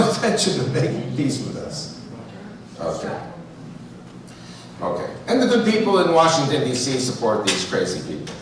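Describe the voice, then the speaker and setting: A man's voice: a little high, noisy background. A man from the United States with a New York accent, speaking as a guest at a church in a chatty storytelling style with joking asides. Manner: conversational, jokey asides, quotes others in dialogue. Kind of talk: church talk with storytelling and jokes. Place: church sanctuary. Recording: roomy echo, distant mic.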